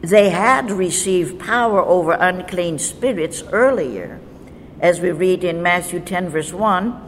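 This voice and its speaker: A woman teaches scripture at an unhurried pace, reading each verse deliberately. Her voice carries a long reverb tail. A faint hiss sits under the recording. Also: fairly low pitch. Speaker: Bible teacher.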